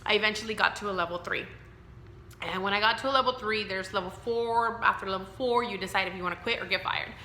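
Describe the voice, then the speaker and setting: A woman's voice: mid-range voice, fast, sharp tone, reverberant, slight background noise. A woman in her thirties telling her own story to camera, candid and emotional, rambling with fillers. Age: 30s. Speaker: vlogger.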